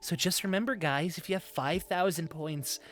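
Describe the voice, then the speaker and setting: A man streaming live, chatting in a soft, breathy, put-on high "femboy" voice close to the mic, giggling and reading chat aloud. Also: moderate pace, soft background music.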